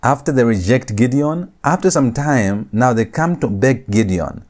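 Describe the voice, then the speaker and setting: Lively repetitive male Hebrew teacher. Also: mid-range voice. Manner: repeats each phrase slowly, spelling out Hebrew terms; emphatic, stressing key words for students. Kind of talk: recorded classroom lecture.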